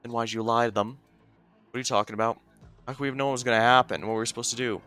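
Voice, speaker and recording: A man voicing a surly village farmer in a game story, gruff and blustering. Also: mid-range voice, steady tone, rapid-fire, sharp tone, soft background music, close to an everyday voice. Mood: defensive.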